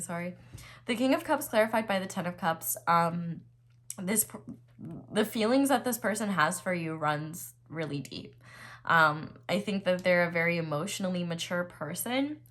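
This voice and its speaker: Young female tarot reader, low-ish voice, chatty and loose with fillers, sudden excited lifts. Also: moderate pace. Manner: chatty, filler-heavy, excited bursts over cards. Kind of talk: casual tarot reading to camera.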